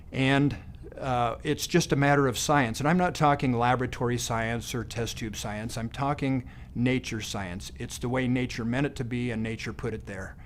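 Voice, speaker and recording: A middle-aged man, a doctor, sharing homespun observations from his practice. He talks in a folksy, unhurried way at an average pitch, often stopping to restart with "uh" and "and, and". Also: a little hiss or hum. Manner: folksy, halting, with many fillers and restarts. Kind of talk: testimonial monologue.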